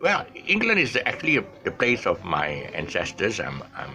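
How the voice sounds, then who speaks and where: A man's voice: fairly low pitch, huge pitch swings, moderate pace, bright, forceful tone. An older man hosting his own online show, talking casually with lots of restarts and self-corrections, chuckling at his own slips. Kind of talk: casual talk to camera. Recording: faint background noise.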